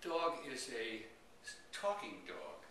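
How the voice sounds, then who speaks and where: A man's voice: medium pitch, wildly swooping pitch, slow pace, sharp tone, exaggerated voice. A man voicing a scheming dog owner who pleads with a bartender in a coaxing, insistent way. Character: scheming man with a talking Chihuahua. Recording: echoey room from far off, noisy.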